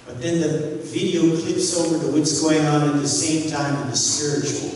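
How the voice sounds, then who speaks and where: A middle-aged man preaches in a sermon, his slightly high voice carrying through a church sanctuary with long, booming reverb. He sounds set back from the microphone, with a faint hiss underneath. His delivery is emphatic and pointed, punctuated by quick rhetorical questions. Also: fairly even intonation, a little mellow. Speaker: pastor. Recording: echoey hall, distant mic, faint noise.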